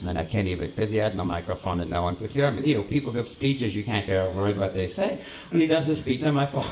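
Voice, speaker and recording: A man's voice: on the high side, darkish tone, close to an everyday voice. A man performing a flamboyant male cabaret host with a vague put-on European accent, telling rambling, self-mocking stories live in a small venue. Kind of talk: live stand-up monologue. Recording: roomy live venue, far from the mic.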